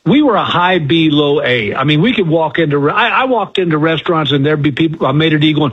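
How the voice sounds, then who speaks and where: A man's voice: fairly high pitch, lively intonation, fast talker, few pauses, husky. An older man, a comedian guest telling stories in a casual interview, who acts out the people he quotes. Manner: folksy storyteller, acts out quotes. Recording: muffled lo-fi phone-like audio.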